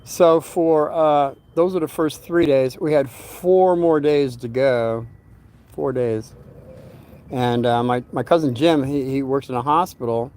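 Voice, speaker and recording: A man's voice: medium pitch, unhurried, darkish tone. An older man casually telling a personal story, rambling and often repeating words as he searches for them.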